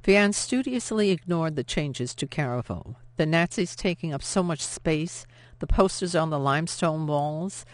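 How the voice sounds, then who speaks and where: Brief: measured novel narrator, mid pitch, dry studio read. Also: no room sound. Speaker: audiobook narrator.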